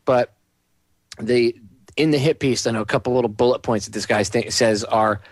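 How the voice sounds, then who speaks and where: Male talk radio host, fired-up sarcastic rant, mid-pitched voice, dry sound. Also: fairly even intonation, normal speed, no echo. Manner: heated, ranting, sarcastic.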